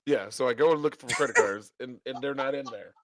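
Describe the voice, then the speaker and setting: A man's voice: mid-range voice, fast talker, fairly bright tone, no room sound. A man co-hosting a podcast, telling a story in a casual chat, laughing often and acting out the voices of the people in it. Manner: laughing storyteller, acts out dialogue. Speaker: podcast co-host.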